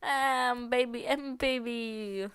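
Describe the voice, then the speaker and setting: A woman's voice: a little high, steady tone, slow, fairly bright tone, clear, resonant tone. Woman thinking aloud on a stream. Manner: thinking aloud, rambling and correcting herself. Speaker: live streamer. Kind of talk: casual live-stream talk while coding.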